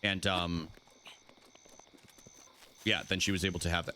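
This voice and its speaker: A man's voice: measured pace, pauses often. Young guy streamer joking with chat, voice jumping all over, faint game noise behind. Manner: goofy, banters with chat, animated swings in pitch. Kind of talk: casual live gameplay chat.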